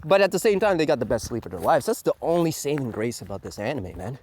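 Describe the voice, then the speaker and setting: A man's voice: mid-range voice, big pitch swings, quick pace, darkish tone, a little hiss or hum. A man giving a crude, mocking countdown rant as an anime reviewer, swearing often and sneering at fans. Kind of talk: ranting countdown commentary.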